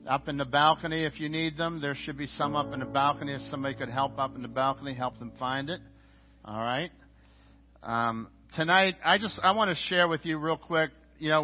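A male pastor with a slightly high voice preaches earnestly, often restarting and repeating words. He speaks in a church sanctuary. The sound is dull and muffled, with faint music underneath. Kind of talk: sermon.

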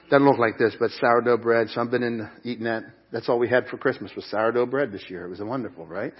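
A man's voice: medium pitch, breathy edge, muffled recording. A middle-aged man preaching a sermon at a church service, earnest and emphatic, with repeated phrases. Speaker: pastor.

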